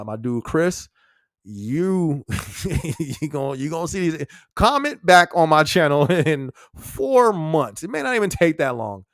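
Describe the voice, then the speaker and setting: Male podcast host, casual and slangy, mid-pitched voice, dry close recording. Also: no echo. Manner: laid-back, chuckles often, slangy. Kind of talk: casual live-stream chat.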